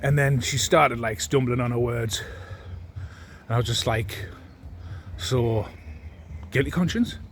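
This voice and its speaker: A man's voice: medium pitch, fairly even intonation, unhurried, long pauses, fairly bright tone, a little hiss or hum. A man, ranting into his phone with heavy swearing and indignant repetition. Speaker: vlogger. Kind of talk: ranting monologue to camera.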